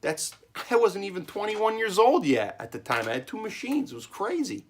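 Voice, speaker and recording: A man's voice: sits high, sing-song, moderate pace, slight background noise. A man, a small business owner, gives rambling, emphatic advice in a casual vlog monologue from his home cellar, often checking in with listeners.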